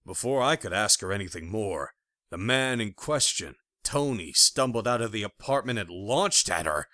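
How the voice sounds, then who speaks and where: Expressive guy reading an audiobook, bright voice, bouncy pitch, dry studio sound. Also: normal speed, no room sound. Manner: lively, expressive storytelling. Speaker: audiobook narrator. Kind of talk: first-person audiobook narration.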